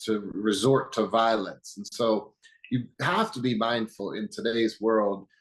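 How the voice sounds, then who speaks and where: A man speaking as an interview guest, calmly explaining in a teaching manner with examples. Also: lowish voice, a little slow, rough recording. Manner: calm, teaching, uses metaphors and quoted examples. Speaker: guest, anger management expert.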